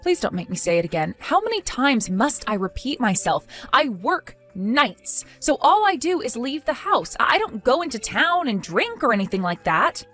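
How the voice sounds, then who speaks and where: A woman's voice: on the high side, big pitch swings, normal speed, hardly any pauses, fairly bright tone, faint music behind. A woman as an exasperated young wife. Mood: defensive. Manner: pleading, indignant denials. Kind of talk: text-story drama acting.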